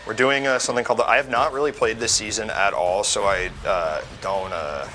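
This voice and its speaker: A young man hosting a casual live-stream talk show while gaming, talking in halting, rambling bursts with many restarts. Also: lowish voice, fairly even intonation, pushed and bright, soft background music.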